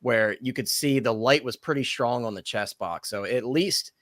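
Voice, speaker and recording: A man's voice: medium pitch, fairly bright tone, dry recording, studio quality. A man hosting a casual chat, asking questions and steering the talk along eagerly. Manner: fast, eager, moderating. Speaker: host.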